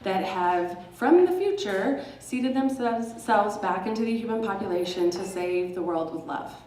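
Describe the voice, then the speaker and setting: A woman's voice: mid-range voice, expressive, normal speed, warm tone, slight background noise. A woman from Texas telling a personal story to a live audience, sarcastic and casually profane, often laughing. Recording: roomy hall, mic at a distance.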